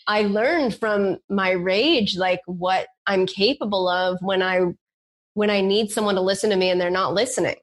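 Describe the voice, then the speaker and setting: A woman's voice: medium pitch, moderate pace. A woman co-hosting a podcast, telling a personal story with intensity, drawing out words for emphasis. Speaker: podcast co-host. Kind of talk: casual chat.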